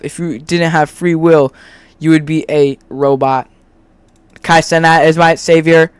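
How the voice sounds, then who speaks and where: Sex: male. Role: video creator. Style: reads a script he wrote while drawing. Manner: rambling, restarts often. Pace: slow. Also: fairly high pitch, smooth, dry recording. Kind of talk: scripted argument over screen drawing.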